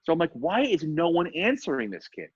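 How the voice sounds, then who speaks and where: A man co-hosting a podcast, telling a story in casual chat, animated and swearing, acting out the voices of the people in it. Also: on the high side, brisk, breathy edge, no room sound. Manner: animated, swearing, acts out voices in his stories. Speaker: podcast co-host. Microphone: remote call mic. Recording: dull lo-fi internet call audio.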